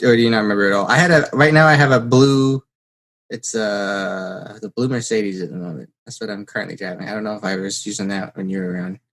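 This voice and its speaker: Animated storytelling male podcast host. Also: lowish voice, fast talker. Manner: animated storyteller, acts out quotes. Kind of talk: casual chat.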